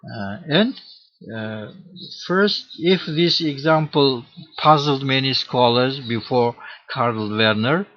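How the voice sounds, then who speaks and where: A man giving an academic lecture on historical linguistics, speaking haltingly with many pauses and fillers. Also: medium pitch. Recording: dull lo-fi recording.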